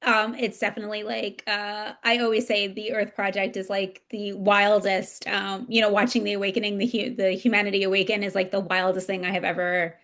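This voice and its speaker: A woman's voice: medium pitch, little pitch movement, fairly quick, few pauses, a bit bright. A woman hosting a casual podcast conversation, rambling enthusiastically with lots of fillers. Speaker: podcast host.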